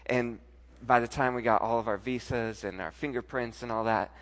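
A man preaching a sermon and telling an emotional personal story, moving between loud outbursts and hushed, tearful passages. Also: mid-range voice, fairly even intonation, normal speed, long reverb tail. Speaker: pastor.

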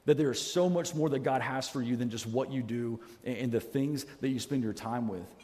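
A pastor preaches a sermon in a church sanctuary through a headset microphone, his warm, medium-pitched voice moving fairly quickly and filling the large hall. He is earnest and self-deprecating and often restarts his sentences.

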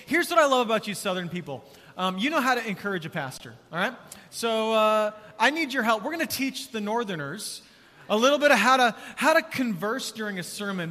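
A pastor with a high, bright voice delivers a casual, energetic sermon to a large congregation, repeatedly calling for the crowd to respond. A long church-hall reverb trails after his words.

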